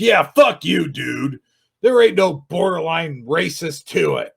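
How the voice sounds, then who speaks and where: A man reviewing another YouTube channel in an angry, sarcastic rant, swearing and shouting often. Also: a little high, sing-song, takes it slowly, gravelly, breathy edge. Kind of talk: ranting video commentary.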